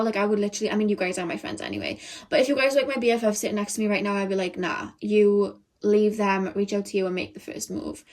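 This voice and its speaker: A young woman with a somewhat high voice gives a casual pick-a-card tarot reading. She talks to the camera in a chatty, animated way and fills her sentences with "like." She sounds close to the mic. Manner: chatty, animated, lots of "like" fillers.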